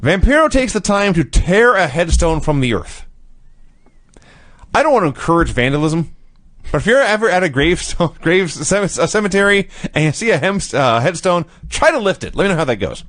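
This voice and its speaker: A man's voice: sits high, big pitch swings, brisk, a bit bright, dry recording. Male co-host with a raised, bouncy voice and a sarcastic recap manner; dry, close sound. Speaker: podcast co-host. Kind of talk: casual chat.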